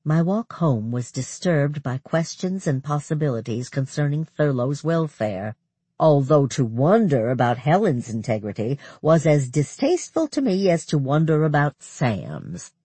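A narrator reading a first-person novel aloud in an expressive storytelling manner. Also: mid-range voice, a little slow, slightly rough, dry recording. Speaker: audiobook narrator.

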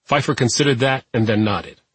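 A man reading an audiobook narration in a steady, even manner. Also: mid-range voice, fairly quick, slightly rough, no echo. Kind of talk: scripted narration.

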